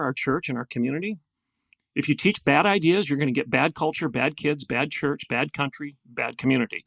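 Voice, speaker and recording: An older man with a gravelly voice, a guest telling a story in an earnest, emphatic way in a podcast interview. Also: on the high side, fairly bright tone, no room sound. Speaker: guest, former university president.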